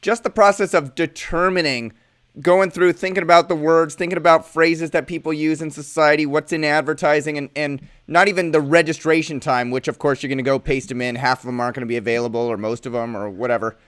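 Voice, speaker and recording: A male host runs a panel discussion with a smooth, resonant voice pitched fairly high. He quizzes panelists with long, stacked questions. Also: steady tone, a little fast, fairly bright tone.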